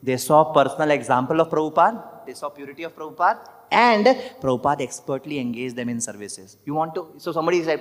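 A man's voice: fairly high pitch, animated, fast. Indian man preaching in a reverberant hall. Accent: Indian English. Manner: emphatic, asks the audience rhetorical questions. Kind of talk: scripture class sermon. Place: temple hall.

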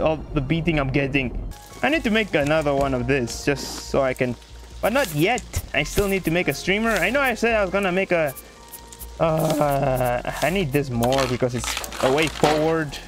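A man commentating a survival game, talking in a jokey put-on Irish lilt, excitable and swearing as he yells at the game. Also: a little high. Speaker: gaming YouTuber. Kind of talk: let's play commentary.

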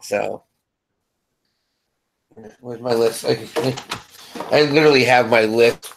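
A man's voice: mid-range voice, slow pace, gravelly, background noise. A man co-hosting a casual live stream, laid-back and laughing along while announcing the schedule. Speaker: co-host.

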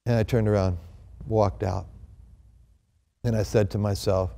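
A man telling a personal testimony as a lively storyteller, acting out the voices he quotes. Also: fairly low pitch, a little slow, gravelly, pauses often. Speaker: company founder giving a testimony.

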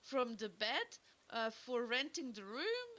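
A woman hosting a game stream, chatting casually in a slow and hesitant way. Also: fairly high pitch, sing-song, fairly bright tone. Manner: slow, hesitant, laughs often. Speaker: streamer, host. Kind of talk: casual chat. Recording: faint background noise.

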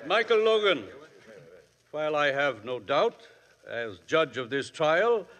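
An actor playing a formal, stern male trial judge who speaks deliberately, in 1940s radio acting style. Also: medium pitch, a bit bright, in a large hall.

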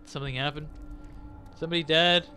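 A man's voice: on the high side, steady tone, fairly quick, sharp tone, faint music behind. A young man giving casual, rambling gameplay commentary, laughing and swearing as he plays. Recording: gunfire and game noise behind.

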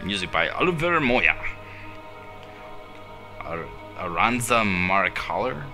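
Low mumbling gamer man with game music. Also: very animated, slow. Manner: mumbled asides with sudden loud yelps. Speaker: let's play commentator. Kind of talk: casual gameplay commentary.

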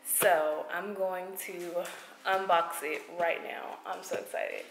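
A woman's voice: lowish voice, slow, noisy background. Gushing woman vlogger in an echoey room. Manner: excited, gushing, talks straight to viewers. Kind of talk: casual vlog chat. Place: at home.

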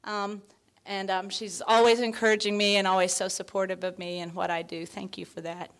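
A woman in her fifties giving a heartfelt, near-tearful award acceptance speech, full of thanks, fillers and soft laughs. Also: medium pitch, flat delivery, a little fast. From Texas. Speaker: award honoree.

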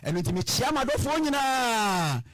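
High-voiced pastor on radio. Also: male voice, sing-song, measured pace, fairly bright tone. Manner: earnest, repeats key points. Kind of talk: radio guest appeal.

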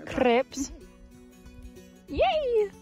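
A woman's voice: very high voice, huge pitch swings, extremely slow, mellow, highs cut off. A young woman chatting casually on a camping vlog, giggly and playful, filmed outdoors on a handheld camera. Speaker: vlogger. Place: outdoors at a campsite. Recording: music over the audio. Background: background music.

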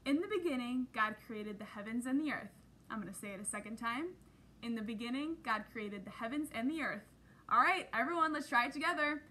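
A Sunday school teacher leads a children's Bible lesson in a brisk, highish voice with a sharp tone. She's upbeat and encouraging, guiding the kids through call-and-response.

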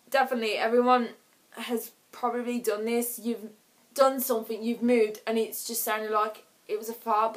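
Giggly, chatty woman with a slightly high voice. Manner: chatty, giggly, acts out short scenes in quick voices. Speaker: vlogger. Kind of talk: casual chat to camera.

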